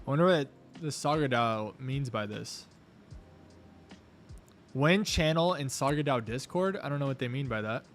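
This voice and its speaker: A young man live-streaming his crypto trading, chatting casually, thanking viewers and coaxing the price chart out loud. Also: mid-range voice, lively intonation, moderate pace, pauses often, faint music behind.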